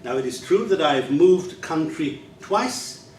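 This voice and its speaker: A man in his sixties with an unusual English accent, giving a public lecture with a measured, wry storytelling manner. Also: fairly high pitch, animated, a little mellow, a little hiss or hum. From England. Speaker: guest lecturer. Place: library lecture hall. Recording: echoey hall, distant mic, faint ambience.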